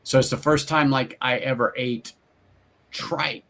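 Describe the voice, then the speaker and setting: A man's voice: medium pitch, a little slow, gravelly. Chatty middle-aged man telling stories. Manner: storytelling, animated quoted voices, laughs often. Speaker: host. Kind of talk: casual chat.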